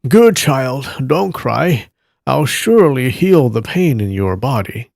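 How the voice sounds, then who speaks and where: A man voicing a kindly, calm elderly master who speaks softly and gently. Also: a little high, measured pace, gravelly, dry recording, voice pushed up. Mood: gentle. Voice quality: soft, gentle.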